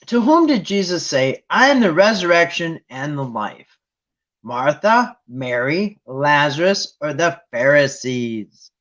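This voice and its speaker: A man hosting a Bible trivia game with viewers, chatting casually and thinking aloud with restarts and sudden excited jumps. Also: on the high side, takes it slowly. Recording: dull lo-fi sound.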